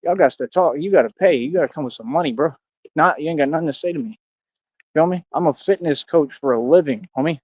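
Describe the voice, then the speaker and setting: A man's voice: on the high side, fast, no room sound, highs cut off. Boastful man ranting to his chat. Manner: boastful, confrontational, slangy. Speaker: livestreamer. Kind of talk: casual livestream rant to chat.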